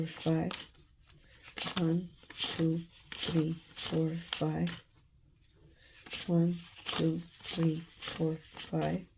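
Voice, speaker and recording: Woman slowly counting cash out loud, kinda low voice, noisy background. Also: vocal fry. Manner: slow, murmured counting, thinking aloud. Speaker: budgeting vlogger.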